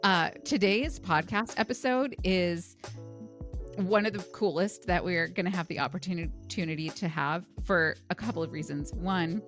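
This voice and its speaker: A woman's voice: on the low side, moderate pace, soft background music. A woman co-hosting a podcast, chatting casually with lots of laughter and filler words. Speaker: podcast co-host. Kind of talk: casual chat.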